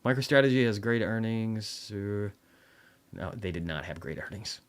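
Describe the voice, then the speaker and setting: A man with a notably low, deep voice runs a loose livestream commentary. He speaks bluntly and swears freely, slipping into dry sarcasm. His talk rambles through restarts and quick asides. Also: expressive. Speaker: livestream host reviewing markets.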